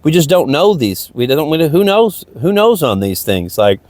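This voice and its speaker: A man with a slightly high, sing-song voice and darkish tone speaks at normal speed with no echo. As a podcast host, he rambles by a lake through a casual motivational monologue in stream-of-consciousness fashion, repeating himself a lot.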